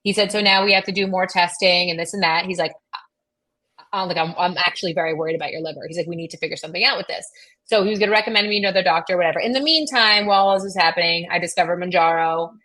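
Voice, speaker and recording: Woman, middle-aged, bright voice, chatty, rambling, full of fillers, podcast guest. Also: fairly low pitch, steady tone, racing. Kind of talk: casual storytelling.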